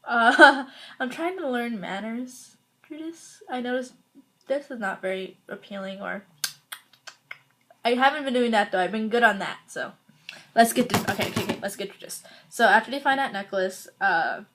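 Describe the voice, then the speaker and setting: A woman's voice: fairly high pitch, expressive, moderate pace, pushed and bright, slight background noise. A woman hosting a casual recap video, talking in a rambling, chatty way full of fillers and restarts. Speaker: video host reviewing a TV episode.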